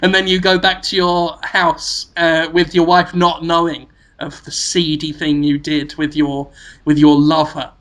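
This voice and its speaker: With a slightly high, fairly bright voice that barely moves in pitch, this podcast co-host speaks at a measured pace. He's a giggly, silly storyteller, spinning playful tales full of laughter in casual conversation.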